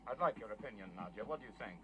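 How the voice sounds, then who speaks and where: A man's voice: fairly low pitch, animated, very fast, heavy background noise, close to an everyday voice. An actor playing a stern middle-aged male revolutionary leader in a TV drama, questioning and pressing others. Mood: firm. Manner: probing, building into shouting. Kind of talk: 1980s TV drama acting.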